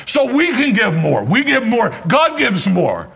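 A man's voice: very high-pitched, huge pitch swings, unhurried, creaky, a bit bright, husky. A man preaching a sermon as pastor, driving points home with emphatic repetition and wry asides.

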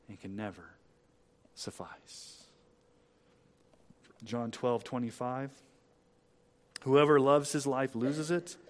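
Preaching from the pulpit, a man rises to loud peaks on important lines and sinks to quiet moments, reading Bible passages deliberately and with weight.

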